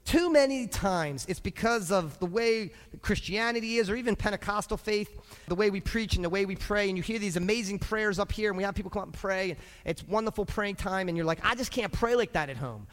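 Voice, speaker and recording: A man with a high voice preaching to his congregation in a church sanctuary. He drops to hushed asides, then climbs into loud, shouted exhortation. A long hall reverb trails every phrase. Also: animated, fairly quick. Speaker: pastor. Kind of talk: sermon.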